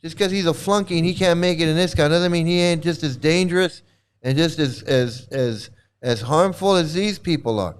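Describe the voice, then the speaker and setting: Speaking at a moderate pace, a man hosts angry reaction commentary on his channel, heated and profane, repeating himself often. His voice is fairly high, clear and resonant.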